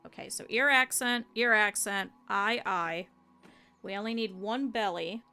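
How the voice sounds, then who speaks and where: Casual woman streamer, crisp bright tone, talks chat through craft steps over faint music. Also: mid-range voice, measured pace. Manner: chatty, explains as she works, talks to chat. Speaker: streamer teaching plush sewing. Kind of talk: casual step-by-step craft tutorial.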